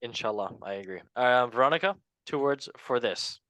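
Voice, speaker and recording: A man's voice: medium pitch, lively intonation, normal speed, bright, forceful tone, dry recording. Playful male sports show host. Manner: playful, joking, laughs often. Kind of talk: casual chat. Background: faint background music.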